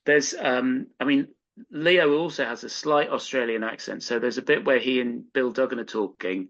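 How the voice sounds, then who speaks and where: A British man chatting on a podcast, halting and searching for his words as he talks. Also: mid-range voice, fairly bright tone. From United Kingdom. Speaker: podcast co-host. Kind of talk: casual podcast chat. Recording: slightly dull lo-fi audio.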